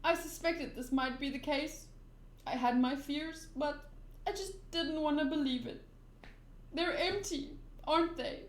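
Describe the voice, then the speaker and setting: A woman voicing a grumpy, lonely middle-aged man who guards a forest, with a gruff manner. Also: high voice, unhurried, pitched above the performer's own voice. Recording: roomy echo.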